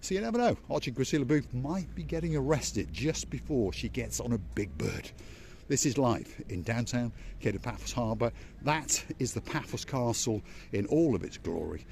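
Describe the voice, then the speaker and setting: A man's voice: medium pitch, sing-song, normal speed, creaky, a little mellow, slight background noise. A man hosting a walking-tour vlog outdoors at a seaside harbour, chatting playfully and teasing his viewers. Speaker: vlog host.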